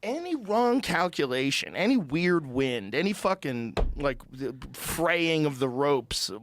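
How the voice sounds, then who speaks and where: A man's voice: a little high, takes it slowly, slight background noise. A middle-aged man hosting a podcast, telling stories in casual, profane chat. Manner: profane, animated storytelling. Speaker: podcast host.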